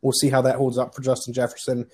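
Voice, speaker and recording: Mellow-voiced man trading sarcastic jabs. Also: medium pitch, completely flat delivery, fast, husky. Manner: teasing, dry sarcastic jabs. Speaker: fantasy league co-host. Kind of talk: casual podcast banter.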